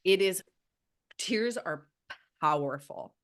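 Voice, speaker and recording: A woman's voice: fairly low pitch, expressive, takes it slowly, fairly bright tone. A woman guest on a podcast, an animal healer, talking earnestly and from the heart, often restarting her sentences. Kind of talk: casual podcast conversation.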